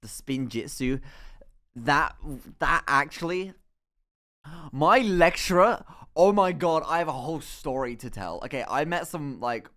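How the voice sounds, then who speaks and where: A young man streaming from home, telling a story in a casual, animated way, full of laughs, swearing and acted-out quotes. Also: on the high side, a little slow. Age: young adult.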